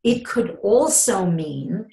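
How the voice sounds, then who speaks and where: Middle-aged woman, guest expert, animated, acts out dialogue; echoey room sound. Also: medium pitch, slow pace, vocal fry. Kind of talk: interview, explaining with acted examples.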